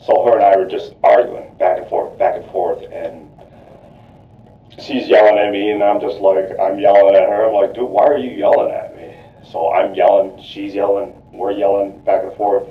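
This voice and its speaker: Under police questioning, a deep-voiced murder suspect gives a rambling, repetitive account, circling back and saying "you know, like" constantly, in a level tone at a moderate pace. The lo-fi recording puts him far from the mic in an echoey room.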